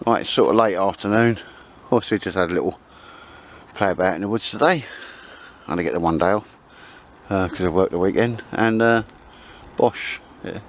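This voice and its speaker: A man's voice: deep voice, normal speed, pauses often, slight background noise. A British man chatting casually to camera in a camping vlog from the woods, rambling with cheeky asides. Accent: British English. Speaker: outdoor vlogger. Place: outdoors in woods at a camp.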